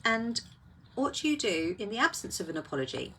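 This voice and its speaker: A woman's voice: on the high side, big pitch swings, a little fast, bright, forceful tone, slight background noise. Woman musing through rhetorical questions. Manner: reflective, asks many rhetorical questions. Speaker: host of a live talk. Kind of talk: casual live talk.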